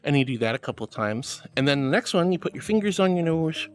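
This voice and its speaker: A woman's voice: low-pitched, lively intonation, fast talker, faint music behind. A woman streamer in a casual live-stream chat, bubbly and affectionate, reading chat messages aloud and calling viewers sweetie and honey.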